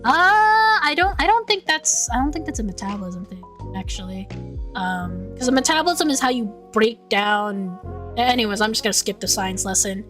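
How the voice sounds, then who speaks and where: A woman's voice: on the high side, expressive, moderate pace, fairly bright tone, faint music behind. A young woman streaming casual chat, stumbling over and repeating her words and laughing often. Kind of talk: casual chat, reading out chat messages.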